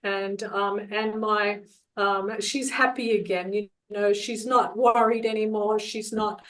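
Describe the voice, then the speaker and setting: A woman's voice: medium pitch, fairly even intonation, slow pace, fairly bright tone, poor audio. A middle-aged woman giving a live group medium reading. She talks in a chatty, affectionate way, laughs often and calls people darling. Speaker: psychic medium.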